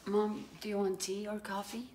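A woman's voice: medium pitch, level tone, normal speed, a little hiss or hum, close to an everyday voice. An actress playing a hesitant young woman who works up to a confession to her mother. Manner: hesitant, soft-spoken. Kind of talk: short film acting.

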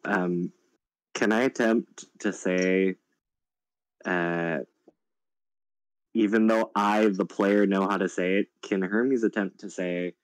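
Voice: deep voice, fairly even intonation, slow, pauses often, dry recording, poor audio. A player in a tabletop role-playing game, talking in a playful, hesitant way.

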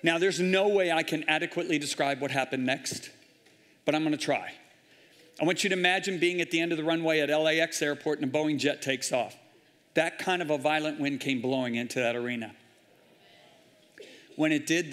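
Man preaching dramatically in an echoing hall. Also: a little high. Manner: dramatic, intense storytelling with sudden loud bursts. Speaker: guest preacher. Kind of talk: sermon storytelling. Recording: hall reverb in a large church.

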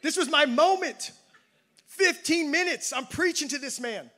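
A man's voice: very high-pitched, lively intonation, normal speed, sharp tone. A man preaching a sermon as pastor, telling a personal story with self-deprecating humor. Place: church campus service.

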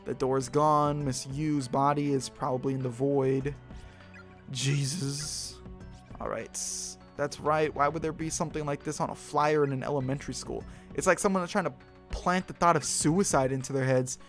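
A man's voice: medium pitch, fairly even intonation, normal speed, faint music behind. A man hosting a let's play, giving casual gameplay commentary in a chatty, joking manner and swearing freely.

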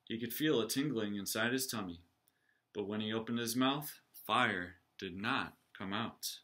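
Bright, animated man reading a picture book. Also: lowish voice, unhurried, a little hiss or hum. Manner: animated storytelling. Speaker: reader, teacher.

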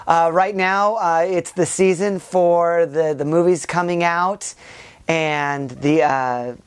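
A man's voice: a little high, fairly even intonation, slow pace, clean tone. Hesitant man thanking his viewers. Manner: rambling and hesitant, with frequent filler sounds and restarts; warm and grateful toward viewers. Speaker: YouTube channel host. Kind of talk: casual year-end vlog to viewers.

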